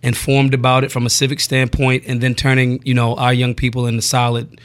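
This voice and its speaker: A man with a Philadelphia accent, a guest talking casually about teaching gun safety classes, relaxed and rambling with fillers. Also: mid-range voice, a little fast. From North Philadelphia. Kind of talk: casual interview chat.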